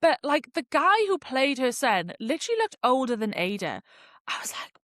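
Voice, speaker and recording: A woman's voice: high-pitched, very animated, moderate pace, fairly bright tone, dry recording, clean studio sound. A woman hosting a podcast, chatting casually and expressively, with slang and swearing. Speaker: podcast host. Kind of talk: casual chat review.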